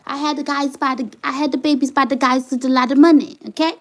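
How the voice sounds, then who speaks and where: A woman's voice: high voice, steady tone, quick pace. A woman hosting her own channel, venting with passion in a live stream, firing off repeated rhetorical questions and reading viewer comments aloud. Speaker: channel host, single mother. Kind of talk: emotional livestream venting.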